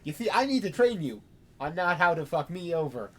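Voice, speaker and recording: A man's voice: a little high, big pitch swings, a little fast, fairly bright tone, pitched above the performer's own voice. A man as a wary vampire sire. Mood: dry. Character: wary male vampire sire, proud and guarded.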